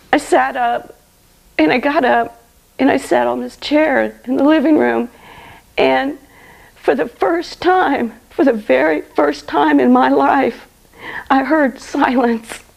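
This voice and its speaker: A middle-aged woman gives a personal faith testimony in an earnest, heartfelt storytelling voice. Her fairly high voice has a gravelly, fry-laden edge, and she pads her sentences with "you know". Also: poor audio. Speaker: guest sharing her testimony.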